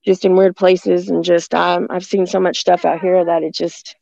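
A woman telling stories in a rambling, halting way, with many restarts, talking from a rural home near the woods. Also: on the low side, little pitch movement, gravelly, dark tone, no echo, lo-fi sound. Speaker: guest telling encounter stories. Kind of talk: casual storytelling on a call-in show.

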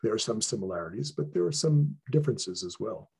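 A man speaking as an interview guest, sharing serious stories about his training in an earnest, measured way with frequent restarts. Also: lowish voice, animated, vocal fry, mellow, breathy edge. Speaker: guest, traditional healer. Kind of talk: interview, reflective storytelling.

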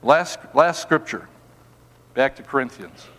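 A man preaching a sermon as pastor in a church, animated, with rhetorical questions and soft, emphatic repeated words. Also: mid-range voice, measured pace, big-room sound. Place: church sanctuary.

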